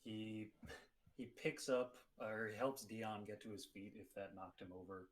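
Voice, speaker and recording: Low-voiced hesitant man describing his character. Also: moderate pace, poor audio. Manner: hesitant, many ums and restarts. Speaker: player.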